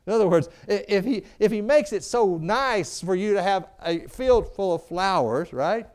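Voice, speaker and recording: A middle-aged man preaching a sermon, calling for amens and swinging from booming to hushed. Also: animated, normal speed, smooth. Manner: preaching with call-and-response, asking "Amen?". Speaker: pastor.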